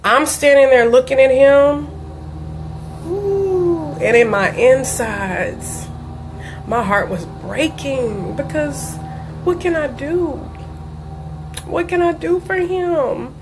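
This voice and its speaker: A woman's voice: sits high, takes it slowly, a little hiss or hum. Earnest woman coaching with conviction. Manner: earnest, emphatic, storytelling with acted quotes. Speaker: diabetes life coach. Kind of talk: personal motivational talk.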